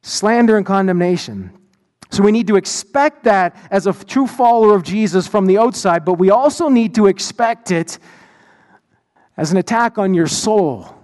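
A male pastor delivers a sermon in a notably high voice. He tells his story with plenty of restarts and repeated words. The sound carries a long hall reverb. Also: lively intonation, normal speed, a little mellow.

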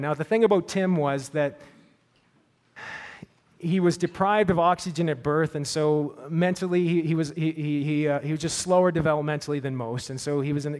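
A male pastor preaching a sermon and telling a personal story, earnest and often repeating words as he searches for them, then praying quietly. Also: a little high.

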